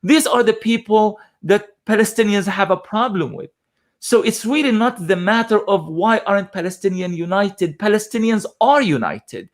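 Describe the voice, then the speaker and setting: A man's voice: high-pitched, animated, moderate pace. A man giving live news commentary, impassioned, repeating phrases for emphasis and using many fillers.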